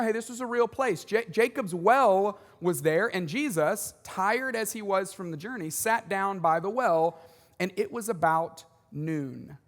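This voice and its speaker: Speaking in a big church auditorium that gives his voice a long reverb, a high-voiced male pastor keeps his sermon lively and conversational, sprinkling in fast jokes and side comments.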